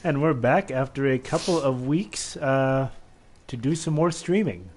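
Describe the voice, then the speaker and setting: A man's voice: mid-range voice, expressive, unhurried, darkish tone. A man co-hosting a game stream, chatting casually and hesitantly with plenty of fillers. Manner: easygoing, hesitant, lots of fillers. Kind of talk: casual chat.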